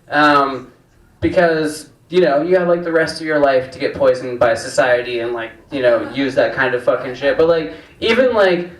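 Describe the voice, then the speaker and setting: A man hosting a stand-up comedy night, telling rambling, profane stories full of fillers. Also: fairly high pitch. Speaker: comedy show host. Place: comedy club stage. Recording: roomy, distant club recording.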